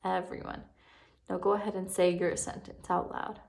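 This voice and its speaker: A woman teaching a first grade spelling lesson on video, patient and encouraging, drawing words out slowly for young children. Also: lowish voice, little pitch movement, vocal fry, a little mellow.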